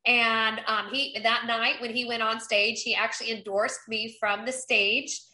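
An effusive woman from North Carolina, a congressional candidate, talks in a bright, slightly high voice. Her speech is upbeat and full of restarts. The sound is echoey, as in a bare room. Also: little pitch movement, a little slow. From Eastern North Carolina. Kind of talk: podcast interview.

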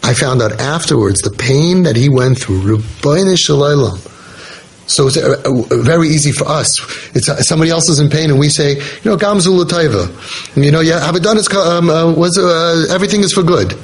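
A man's voice: on the high side, normal speed, husky. A man telling a personal story in an informal talk to a listening group. He speaks earnestly, restarts his sentences often and mixes in religious Hebrew terms. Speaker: speaker on parenting podcast.

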